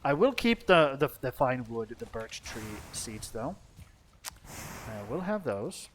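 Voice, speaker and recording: A man's voice: medium pitch, very animated, takes it slowly, slight background noise. A young man from Finland, chatting casually and swearing as he plays a video game, talking to himself and his character. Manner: rambling, profane, talks to himself and the game. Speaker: streamer. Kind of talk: casual gameplay commentary.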